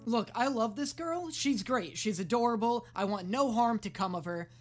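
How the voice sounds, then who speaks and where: An excitable woman reacts to a movie in casual, sarcastic commentary, with a fairly high voice that leaps around in pitch. She swears freely and often shouts at what she is watching. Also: normal speed, faint music behind. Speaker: reaction video host.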